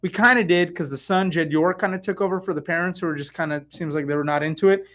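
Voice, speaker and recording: A middle-aged man from the San Francisco Bay Area, a real estate agent rambling excitedly in a casual live stream with lots of fillers and asides. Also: high-pitched, fast.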